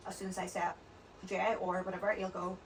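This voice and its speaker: A woman talking quickly and rambling from one story to the next in a relaxed podcast chat. Her voice sits at an ordinary middle pitch. She is recorded a little distant from the mic, with a faint hiss underneath. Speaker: podcast guest. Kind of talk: casual chat.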